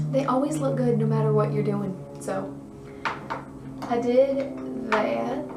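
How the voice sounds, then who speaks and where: A young woman talking through a makeup tutorial in a chatty, bubbly way, her voice a little hoarse. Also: fairly high pitch, echoey room, far from the mic, noisy background. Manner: chatty, bubbly, self-deprecating asides. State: losing her voice, slightly hoarse. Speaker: beauty vlogger.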